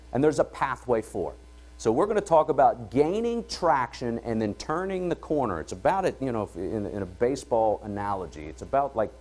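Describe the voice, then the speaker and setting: A middle-aged man hosting a conference, speaking to an audience in an energetic, conversational way and often checking in with "all right?". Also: lowish voice. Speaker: event host and entrepreneur. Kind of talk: conference opening talk. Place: conference hall before an audience.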